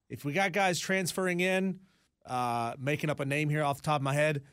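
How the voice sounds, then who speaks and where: A man co-hosting a sports talk radio show, asking questions and thinking out loud. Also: a little high, moderate pace, smooth, dry recording, studio quality.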